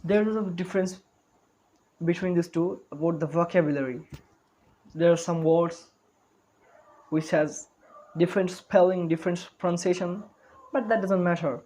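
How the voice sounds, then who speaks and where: A man's voice: high-pitched, normal speed, pauses often, dark tone, poor audio. A man giving an online spoken English lesson, talking carefully, repeating words and correcting himself as he goes.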